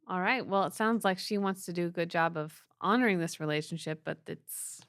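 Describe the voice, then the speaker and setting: A woman's voice: lowish voice, brisk, fairly bright tone, no room sound, studio quality. A woman co-hosting an advice podcast, answering listener questions in an affirming, casual way.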